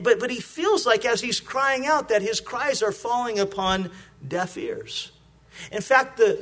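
High-voiced man preaching conversationally. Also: fairly bright tone. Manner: conversational, repeats words when starting a thought; acts out prayers and small exchanges in a lighter voice. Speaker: pastor. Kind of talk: sermon.

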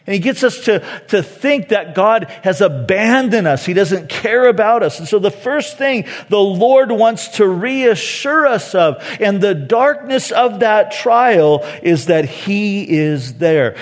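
A man preaching a sermon as pastor, earnest and repeating key phrases for emphasis. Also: high-pitched. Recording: long reverb of a large hall.

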